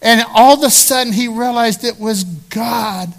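A male pastor with an extremely high-pitched voice preaches a sermon a little slowly. He is emphatic and repeats phrases for stress, yet stays conversational, speaking straight to the congregation.

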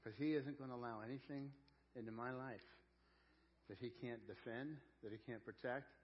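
A man preaching a sermon as a pastor. He is earnest and folksy, repeats words as he searches for them, and swings between loud emphasis and quiet intensity. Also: mid-range voice, steady tone, moderate pace, slight background noise. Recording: dull lo-fi church audio.

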